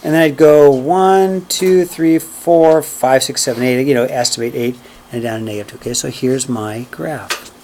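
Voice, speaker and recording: A man's voice: medium pitch, normal speed, a little mellow, slight background noise. A man teaching math to a class, counting points aloud and often checking in with "okay?" and "right?". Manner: counts steps aloud while graphing. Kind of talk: classroom lecture.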